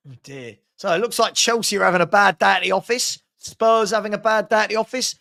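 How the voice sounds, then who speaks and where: A man's voice: sits high, brisk, creaky, pushed and bright. A man from hosting a live fan watchalong, calling a match with sarcastic exasperation and rueful laughter.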